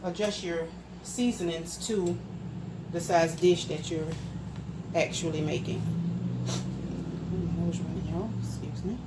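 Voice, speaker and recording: A woman talks her viewers through a home recipe in a relaxed, chatty way, explaining each step as she stirs and measures. Her voice sits a little low, and a steady noise runs clearly under the recording from her home kitchen. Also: unhurried, long pauses. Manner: explains steps while stirring and measuring. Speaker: home cook and channel host. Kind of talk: casual cooking demonstration.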